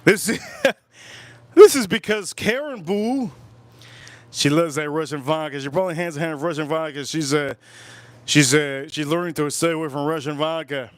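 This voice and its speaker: A man's voice: fairly high pitch, moderate pace, no room sound. Rambling man on a crude livestream. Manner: rambling, repeats himself, crude jokes. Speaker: livestream host. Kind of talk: casual livestream chat while drinking.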